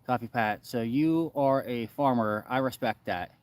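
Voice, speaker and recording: A man casually chatting on a live stream from outdoors in the woods, reading chat and speaking in a relaxed way with many filler uhs. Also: medium pitch, a little slow, dry recording.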